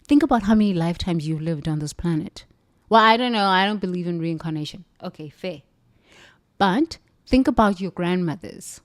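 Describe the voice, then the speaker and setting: A woman's voice: lowish voice, expressive, normal speed, dry recording, studio quality. A South African woman giving an intense, emphatic motivational talk, repeating phrases for effect. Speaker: speaker. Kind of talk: forceful motivational monologue.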